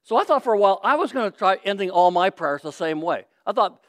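A man's voice: high voice, lively intonation, fast, few pauses, dry recording, clean studio sound. A man, a pastor, preaching a sermon in a conversational, emphatic way with short repeated phrases.

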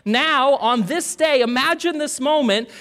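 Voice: high-pitched, unhurried, a bit bright. A pastor preaching a sermon and reading scripture aloud, talking conversationally and asking the listeners questions.

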